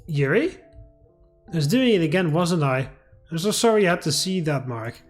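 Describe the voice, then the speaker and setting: A man's voice: a little high, animated, moderate pace, lightly acted. Yuri, a man voicing a shy polite girl. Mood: apologetic. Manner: polite, hesitant. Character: shy, soft-spoken young woman, unsettled. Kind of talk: reading a visual novel aloud. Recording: faint music behind.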